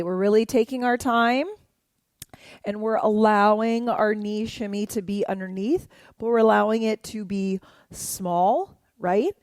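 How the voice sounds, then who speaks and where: A woman leads a dance tutorial, counting beats aloud as she moves and explaining each step in an encouraging way. She speaks slowly at a middle pitch. The sound is dry, with little room echo. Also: fairly even intonation. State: moving while talking. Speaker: dance instructor.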